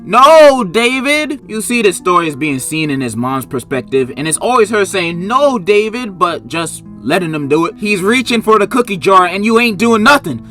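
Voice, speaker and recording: Animated man ranting in mock outrage. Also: high voice. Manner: loud, exaggerated outbursts and mock outrage. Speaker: comedic book reviewer. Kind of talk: comedic commentary.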